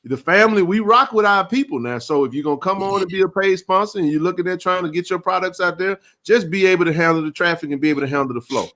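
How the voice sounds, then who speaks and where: A man's voice: high-pitched, fast, few pauses, pushed and bright. A man, hosting a casual live sports chat stream in a laid-back, drawling way.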